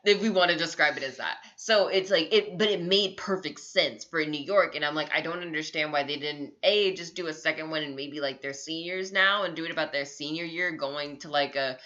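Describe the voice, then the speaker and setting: Low-pitched woman, chatty podcast reviewer. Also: fairly quick, few pauses, pushed and bright, dull audio. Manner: chatty, hedging, full of "like" and "you know". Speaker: podcast co-host. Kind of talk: casual pop-culture review chat. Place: lives in New York.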